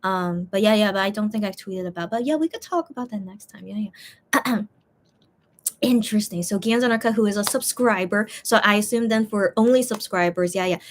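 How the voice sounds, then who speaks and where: A woman in a casual eating-and-chatting stream, reading her viewers' comments aloud. She rambles and repeats her words, sounding tired and already full. Her voice sits in a middle pitch and jumps up with excitement now and then. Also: normal speed, a little hiss or hum.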